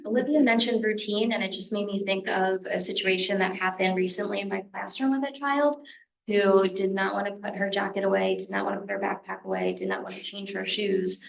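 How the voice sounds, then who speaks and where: A woman's voice: medium pitch, fairly even intonation, brisk, gravelly. A woman, a toddler teacher on a parent panel, telling a classroom anecdote conversationally. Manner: narrates classroom anecdotes, quoting a child. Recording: slightly muffled sound.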